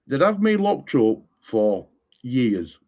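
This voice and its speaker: A man's voice: medium pitch, big pitch swings, slow, a little mellow, dull audio. A man, rambling in casual chat and often repeating the same stock phrase. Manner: rambling, repeats "what I'm saying to you".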